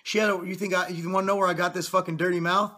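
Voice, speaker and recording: Man in his thirties, fitness vlogger, blunt profane motivational rant; bright, husky tone. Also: high-pitched, level tone, very fast. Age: 30s. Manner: blunt, profane, intense pep talk.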